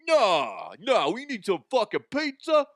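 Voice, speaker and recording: Brash New Yorker, New York accent, blustering threats, pitched up high, put on by a male host. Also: wildly swooping pitch, a little slow, dry recording, studio quality, exaggerated voice. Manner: shouted, blustery tough-guy threats. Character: loud brash male New Yorker, angry pizza lover.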